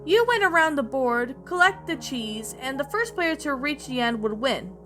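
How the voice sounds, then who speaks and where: A woman narrating a creepy story in a slightly halting reading voice, with restarts, over faint background music. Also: sits high, lively intonation, pushed and bright.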